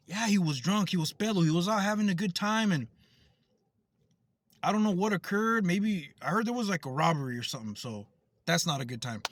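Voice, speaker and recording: A man's voice: sits high, fairly bright tone. A man from the United States, a vlogger, delivering a heated, profane, repetitive rant to camera.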